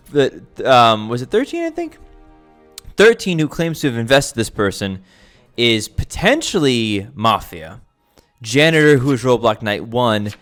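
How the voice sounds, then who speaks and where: A man talks through his game as he plays it, his pitch swinging up and down a great deal. He restarts sentences and fills pauses with ums as he reasons aloud. Faint music plays underneath him. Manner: lively, thinks aloud with many restarts and fillers. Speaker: gameplay commentator. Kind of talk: casual gameplay commentary.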